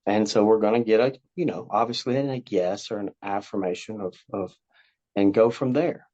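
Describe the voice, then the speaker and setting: A man with a lowish, warm voice speaks at a moderate pace as a guest, explaining a parenting approach in a loose, rambling way. He repeats himself often and acts out what the parent and child say. The recording is lo-fi and slightly dull.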